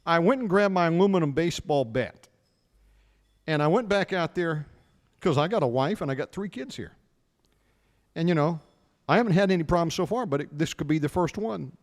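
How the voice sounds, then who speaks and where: A middle-aged American man with a highish voice hosts a radio show, speaking a little fast with frequent pauses. He tells animated anecdotes in casual chat and acts out the dialogue, and the recording has a long reverb tail.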